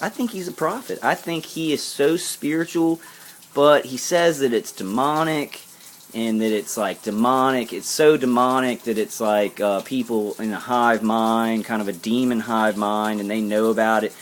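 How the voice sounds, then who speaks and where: A man's voice: medium pitch, normal speed, slight background noise. A man delivering an earnest spiritual pep talk to camera, rambling and repeating himself. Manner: earnest, intense. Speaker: vlogger.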